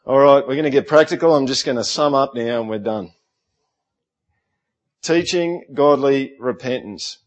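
A man's voice: medium pitch, moderate pace, pauses often. A middle-aged man with an Australian accent preaching a sermon in a conversational way, often asking the congregation rhetorical questions. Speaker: pastor.

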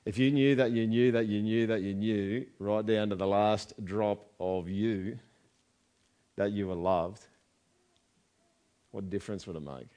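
A man's voice: fairly low pitch, steady tone, unhurried, pauses often, dark tone. Man preaching conversationally. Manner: conversational preaching with rhetorical questions. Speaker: pastor. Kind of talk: sermon.

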